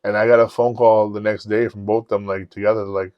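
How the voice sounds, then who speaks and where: A man's voice: on the low side, quick pace, no room sound. A man hosting a podcast, telling profane stories in a casual chat and acting out the dialogue. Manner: animated, profane anecdote-telling with acted-out dialogue. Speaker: podcast host. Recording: dull lo-fi dry sound.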